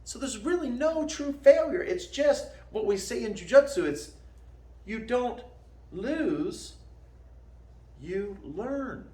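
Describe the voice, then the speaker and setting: A man teaching martial arts gives a casual motivational talk, laughing at his own jokes. His voice sits high and swings widely in pitch. The room around him echoes. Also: slow, pauses often. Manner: animated, folksy, laughs at own jokes, calls listener "man".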